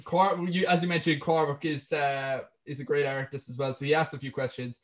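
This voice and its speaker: A man's voice: on the high side, level tone, fairly quick. Irish man hosting a casual chat. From Ireland. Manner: rambling, many fillers and restarts. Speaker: podcast host.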